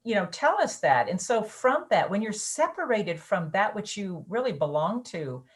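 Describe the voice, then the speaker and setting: A woman's voice: medium pitch, sing-song, moderate pace. A woman co-hosting a casual spiritual chat, explaining ideas in a reflective, searching way. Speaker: co-host.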